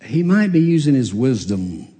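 A man's voice: medium pitch, sing-song, moderate pace, mellow. A man preaching a sermon as a pastor, telling a story and acting out the voices of the people in it. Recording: long reverb of a large hall.

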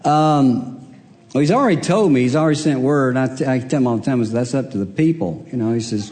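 A man's voice: medium pitch, lively intonation, fast talker, darkish tone, big-room sound. An older man, preaching a sermon in a church and telling stories about himself in a humorous, self-deprecating way. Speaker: pastor. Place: church sanctuary.

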